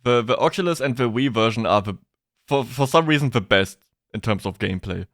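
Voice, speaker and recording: A man whose first language is German, chatting casually as a streamer being interviewed about games, excitable and stammering through restarts. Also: mid-range voice, brisk, dry recording, studio quality.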